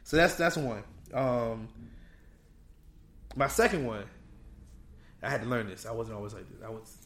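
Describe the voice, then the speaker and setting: A man co-hosting a podcast in casual chat, animated, laughing often and tagging lines with "bro". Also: medium pitch, normal speed, echoey room. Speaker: podcast co-host.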